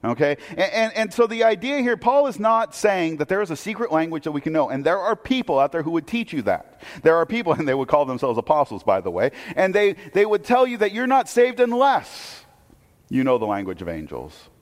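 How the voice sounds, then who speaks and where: Male pastor, fairly high voice, chatty sermon full of rhetorical questions, long hall reverb. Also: sing-song, a little fast. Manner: conversational, asks the audience rhetorical questions, frequent restarts.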